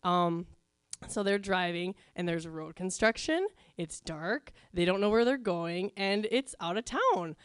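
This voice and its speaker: A woman's voice: lowish voice, measured pace, clear, resonant tone, dry recording, studio quality. A woman telling a funny personal story to a live crowd in a chatty, wry, self-mocking way, with plenty of ums.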